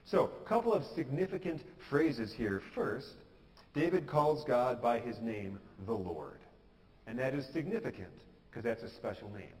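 A man's voice: mid-range voice, lively intonation, moderate pace, a little mellow, long reverb tail, rough recording. A pastor giving an earnest, conversational sermon, sometimes acting out the prayers he quotes. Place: church sanctuary.

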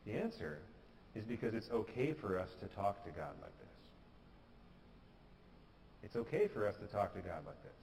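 A man's voice: on the low side, animated, normal speed, vocal fry, long pauses, darkish tone, slight background noise. Man preaching in a reverberant church. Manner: earnest, conversational, acts out quoted prayers. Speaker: pastor. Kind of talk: sermon. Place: church sanctuary.

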